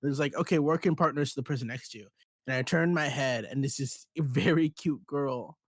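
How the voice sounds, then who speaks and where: A young man co-hosting a podcast in casual chat, telling animated stories, acting out quotes and swearing freely. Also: medium pitch, a little fast, no echo, clean studio sound. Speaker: podcast co-host.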